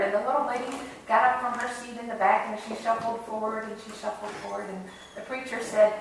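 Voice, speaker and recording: A woman's voice: on the high side, level tone, fast talker, few pauses, distant mic, slight background noise. Woman pastor preaching in an echoey church. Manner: conversational, earnest storytelling. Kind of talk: sermon. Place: church sanctuary.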